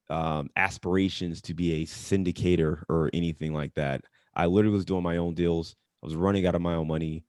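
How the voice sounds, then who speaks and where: A man who invests in real estate, talking casually on a webinar in a relaxed way with frequent fillers. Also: low voice, no room sound, clean studio sound.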